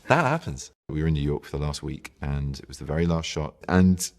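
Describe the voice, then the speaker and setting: Fast-talking low-voiced man. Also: expressive. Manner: quick, self-mocking storytelling with impressions. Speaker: interviewed actor. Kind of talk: anecdotal interview answer.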